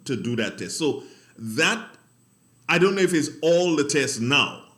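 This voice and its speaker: A man's voice: on the high side, lively intonation, a little slow, a bit bright. A man with a Grenadian accent hosting a morning radio show, chatting casually, rambling and correcting himself as he goes. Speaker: radio host. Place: radio studio.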